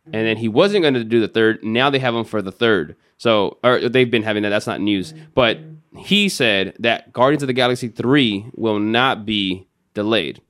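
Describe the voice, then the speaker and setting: A man's voice: lowish voice, normal speed, fairly bright tone. A man co-hosting a casual podcast, laid-back and agreeable, with a lot of casual slang. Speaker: podcast co-host. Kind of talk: casual chat.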